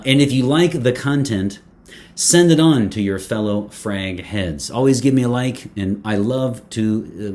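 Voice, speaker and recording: A man's voice: medium pitch, a little mellow. A man reviewing a fragrance in casual talk to camera, playful and chatty, with many fillers, restarts and joking asides.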